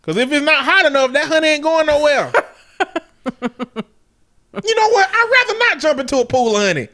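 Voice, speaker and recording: A playful co-host spins silly hypotheticals and laughs in the middle of sentences. The voice is bright and edgy, with a very lively, swooping pitch. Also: a little fast. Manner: playful, joking storyteller, laughs mid-sentence. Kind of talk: casual chat.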